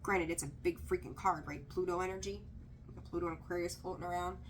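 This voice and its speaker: A woman's voice: on the low side, fairly even intonation, fairly quick, slight background noise. Emphatic woman giving a tarot reading. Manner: direct and emphatic, repeats key phrases; candid, mildly profane asides. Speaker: tarot reader. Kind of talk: casual tarot reading to camera.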